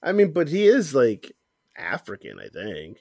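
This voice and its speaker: A man co-hosting a casual wrestling chat, animated and laughing often, breaking into mock voices. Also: mid-range voice, a little slow, creaky, dry recording, studio quality. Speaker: podcast co-host.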